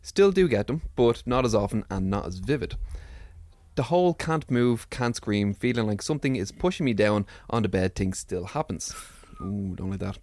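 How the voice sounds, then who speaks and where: Podcast co-host guy, chatty and loose, lively voice, dead dry sound. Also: fairly low pitch, moderate pace, dry recording. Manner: chatty, lots of fillers and laughs. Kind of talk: casual chat and letter reading.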